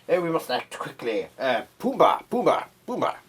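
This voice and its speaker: A man's voice: mid-range voice, big pitch swings, moderate pace, slight background noise, lightly acted. A man voicing a fussy, pompous male surgeon who barks orders in a flustered way. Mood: bossy. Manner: bossy, flustered, barking orders. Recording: loud music under voice.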